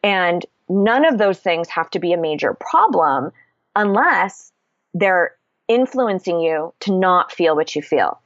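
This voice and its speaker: Woman guest coach, casual and blunt, low voice, dry, slightly dull sound. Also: big pitch swings, unhurried, fairly bright tone, no echo. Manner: candid, casual, swears freely. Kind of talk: podcast interview, explaining a method.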